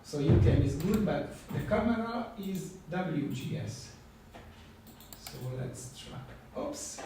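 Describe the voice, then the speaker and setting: A man teaching a hands-on software class, talking haltingly with many fillers and restarts. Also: a little high, lively intonation, noisy background. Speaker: instructor. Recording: echoey classroom from far off.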